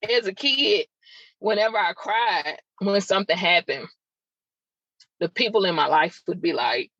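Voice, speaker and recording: A woman hosts a podcast and tells a personal story in a raw, emotional, confiding way, often turning to chat directly with her listeners. Her voice sits at a middle pitch for a woman. The recording is dull and lo-fi, with a dry sound and no room echo. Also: fairly bright tone. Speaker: podcast host.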